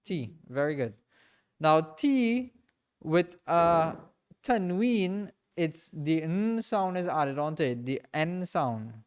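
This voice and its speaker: A man teaching a reading class in a mosque, patiently repeating and drilling each sound slowly for his students. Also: on the high side, animated, clean tone. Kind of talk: classroom lesson.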